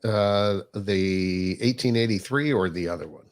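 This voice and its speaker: Male co-host, laid-back side voice, lowish and short-spoken. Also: a little slow. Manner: brief, agreeable replies. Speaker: radio co-host. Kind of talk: casual chat.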